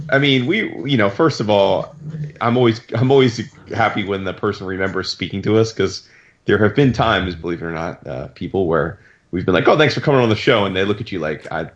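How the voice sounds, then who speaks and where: A low-voiced man speaking at normal speed co-hosts a casual podcast chat, animatedly telling stories and acting out other people's lines. The recording has its highs cut off.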